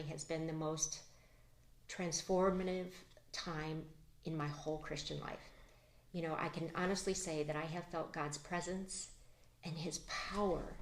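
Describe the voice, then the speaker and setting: A middle-aged woman giving an emotional personal testimony as an interview guest, soft-spoken and halting, with many pauses and restarts. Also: deep voice, slight background noise.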